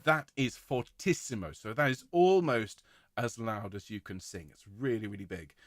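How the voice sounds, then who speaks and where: A man directing a choir rehearsal, giving clear, encouraging instructions and singing out rhythms to demonstrate them. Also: medium pitch, normal speed, no room sound, clean studio sound.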